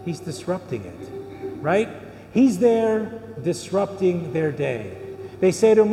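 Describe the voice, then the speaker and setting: Middle-aged male priest, high-ish mellow voice, chatty sermon with lots of rhetorical questions, boomy church reverb. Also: big pitch swings, slow. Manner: conversational preaching with rhetorical questions. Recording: echoey church hall with long reverb.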